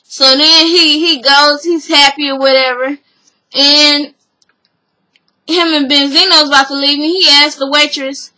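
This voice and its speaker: Bright, high-voiced woman recapping a show. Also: a little slow, low-quality recording. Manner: animated, acts out quotes, laughs. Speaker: reality TV recap vlogger. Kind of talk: casual episode recap.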